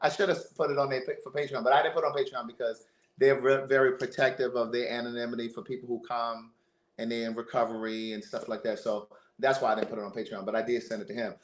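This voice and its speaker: A man hosting a livestream, telling a family story in a casual, animated way, often repeating words. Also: medium pitch, fast talker. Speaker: livestream host. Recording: roomy echo.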